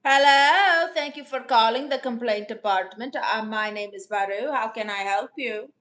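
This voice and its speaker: A woman comedian voicing a brash, self-assured customer-service rep who calls everyone baby, in a deadpan improvised livestream. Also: on the high side, moderate pace, close to an everyday voice.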